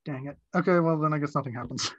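A man's voice: a little high, fast talker, no echo, highs cut off. A man playing a tabletop game, talking hesitantly and restarting often. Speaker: player. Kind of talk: casual tabletop game play.

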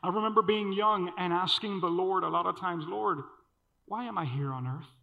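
A man preaching a sermon, telling a personal story in an animated way and acting out the dialogue. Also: high voice, normal speed, creaky. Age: adult. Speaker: pastor. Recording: dull sound with long hall reverb.

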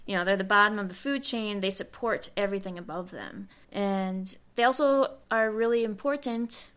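A woman's voice: medium pitch, normal speed, fairly bright tone, clean tone. A young adult woman co-hosting a science podcast, explaining research in a loose, chatty way full of "like" and "you know". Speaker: podcast co-host and monarch researcher. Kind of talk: casual science podcast chat.

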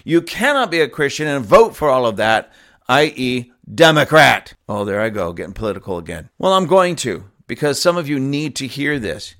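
A man's voice: mid-range voice, big pitch swings, normal speed, fairly bright tone. A male pastor delivering a fiery, emphatic sermon, mocking and chuckling as he goes.

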